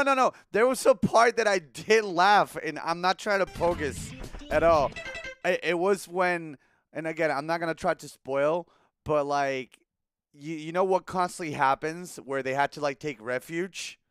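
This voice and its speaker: A man's voice: fairly high pitch, fairly bright tone, clean tone, no room sound. A man in his thirties chatting casually on a livestream while gaming, rambling, swearing often and breaking into laughter. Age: 30s. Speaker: streamer.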